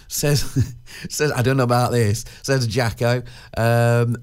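A man hosts a local radio show from the studio, his voice sitting in a middling pitch. He chats loosely and rambles, filling gaps with 'uh' and restarting his sentences, and laughs at his own little jokes. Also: slow, smooth. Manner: chatty and rambling, with frequent 'uh' fillers and restarts. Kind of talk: casual radio chat.

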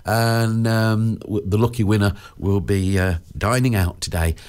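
A man's voice: on the low side, steady tone, unhurried, darkish tone, clean tone. A man presenting a local radio show in casual, rambling chat, full of 'uh' fillers and restarts, joking and laughing at his own asides. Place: radio studio.

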